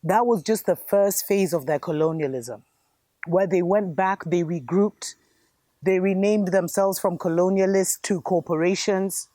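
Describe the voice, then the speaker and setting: A woman's voice: lowish voice, unhurried, dark tone, no room sound. A woman host giving an impassioned spiritual commentary monologue, fervent and preachy, calling her viewers family.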